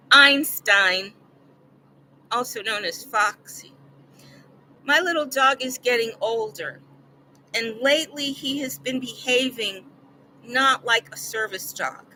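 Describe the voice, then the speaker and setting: A woman's voice: sits high, sharp tone, a little hiss or hum, rough recording. An older woman vlogging, telling a personal story in an earnest, rambling way that repeats words when she gets upset.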